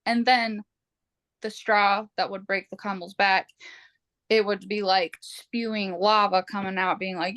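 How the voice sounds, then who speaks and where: A woman podcast host chatting casually, animated and expressive, quoting herself with big jumps in pitch. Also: a little slow, no room sound. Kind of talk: casual conversational chat.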